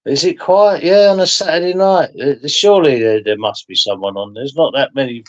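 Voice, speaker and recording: A man's voice: medium pitch, a little fast, highs cut off. A man who hosts a live stream, chatting casually and telling rambling stories that he laughs through. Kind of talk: casual chat.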